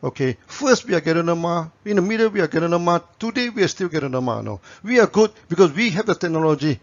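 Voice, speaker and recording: A man's voice: on the high side, expressive, quick pace. A man, a company founder telling anecdotes in a promotional talk to camera, tagging his sentences with "you know". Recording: dull lo-fi recording.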